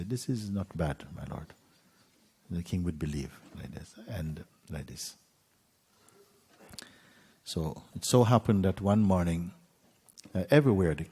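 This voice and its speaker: Husky deep-voiced male teacher, unhurried storyteller. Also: long reverb tail. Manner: unhurried, with soft asides and light laughs. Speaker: spiritual teacher. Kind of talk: storytelling talk.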